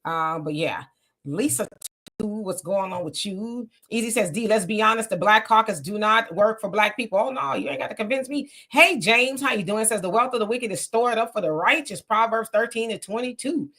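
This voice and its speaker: Bright-voiced woman hosting a live chat. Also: mid-range voice, normal speed. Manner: greets viewers by name, reads comments aloud. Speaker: livestream host reading chat.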